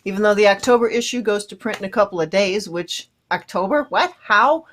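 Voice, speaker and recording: A woman's voice: medium pitch, a little fast, fairly bright tone, slight background noise. A woman co-hosting a radio talk show, casually plugging events and articles. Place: radio studio.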